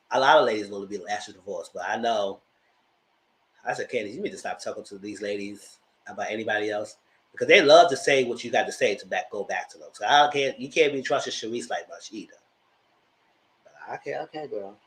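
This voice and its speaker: A man's voice: lowish voice, brisk, fairly bright tone. A man giving a casual, sassy live review of reality TV, slangy and acting out the cast's lines as he goes. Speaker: TV reality show commentator.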